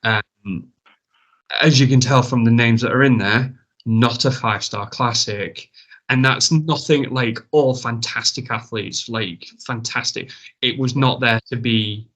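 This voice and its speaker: A man's voice: mid-range voice, fairly even intonation, measured pace, fairly bright tone. A man, a wrestler as a guest, casually telling a rambling, self-mocking story and swearing freely.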